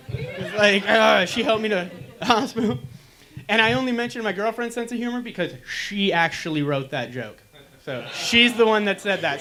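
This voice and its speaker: A young man doing a stand-up comedy set on a small lounge stage, telling dark jokes in a deadpan way. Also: high voice. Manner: dark deadpan jokes, acting out pained groans.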